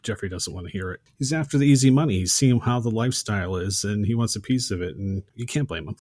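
A man co-hosting a podcast, casually recounting a favorite film scene in a relaxed, conversational way. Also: on the low side, fast talker, no room sound. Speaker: podcast co-host.

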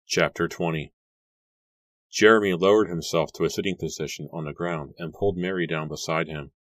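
Very deep-voiced male audiobook narrator. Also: steady tone, fairly bright tone, dry recording. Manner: measured storybook reading.

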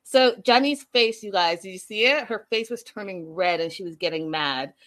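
Woman host, casual reality TV recap, sassy and opinionated, chatting to viewers, mid-pitched voice. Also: moderate pace, a bit bright.

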